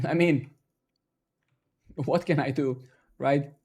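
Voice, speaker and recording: A man with a mid-range, slightly breathy voice talks slowly while coding live. He chats casually to himself and his viewers, swearing and bursting out excitedly when things work.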